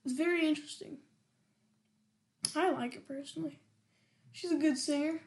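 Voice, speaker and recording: A woman's voice: high-pitched, fairly even intonation, moderate pace, a little mellow. A woman hosting a podcast, chatting casually about a song in a hesitant, giggly way that often trails off. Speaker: podcast host. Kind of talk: casual music reaction chat.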